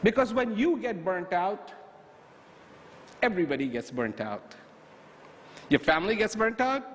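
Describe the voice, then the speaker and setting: A man delivers a motivational talk in an emphatic, storytelling manner, full of rhetorical questions. His voice is high and swings widely in pitch. He is recorded in a reverberant hall with faint ambience behind him. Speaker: motivational speaker.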